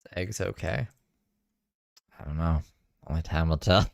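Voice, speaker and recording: Tired male streamer, deep gravelly, wry casual commentary, dry close sound. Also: unhurried, no room sound. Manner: laid-back, swearing, wry.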